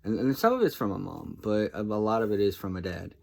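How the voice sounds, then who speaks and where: A man with a somewhat low voice talks to camera in a relaxed, reflective way. He is soft-spoken and hesitant, often pausing and restarting his sentences. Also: creaky. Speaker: vlogger. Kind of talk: casual reflective monologue.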